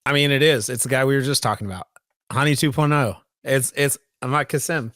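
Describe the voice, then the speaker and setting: A man's voice: medium pitch, a little fast, a bit bright, no echo, studio quality. A man co-hosting a casual sports podcast, talking with enthusiasm and often restarting and repeating his words. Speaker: podcast co-host.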